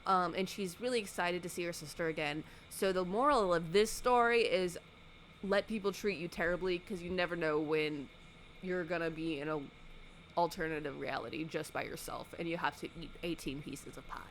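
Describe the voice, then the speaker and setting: A woman YouTuber giving a sarcastic, animated casual recap of a movie, acting out the characters' lines. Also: lowish voice, moderate pace, slight background noise.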